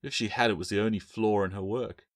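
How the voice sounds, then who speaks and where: Low-voiced man reading a dark fantasy. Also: fairly even intonation, no room sound, clean studio sound. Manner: measured, dramatic storytelling. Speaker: author reading own book. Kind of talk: audiobook narration.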